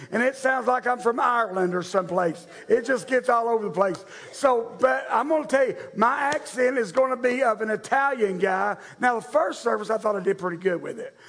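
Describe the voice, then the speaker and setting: A man's voice: very high voice, gravelly, a bit bright. A male pastor preaching a sermon to his church in a joking, self-deprecating, conversational way. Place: church sanctuary, live-streamed.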